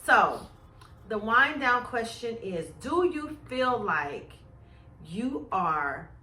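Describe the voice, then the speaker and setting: A woman in her forties co-hosting a casual chat show, animated and expressive as she talks about her grown son. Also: very slow, recorded from a distance. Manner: animated, acts out worried-mom questions in a higher voice. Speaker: podcast co-host. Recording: echoey room, off-mic.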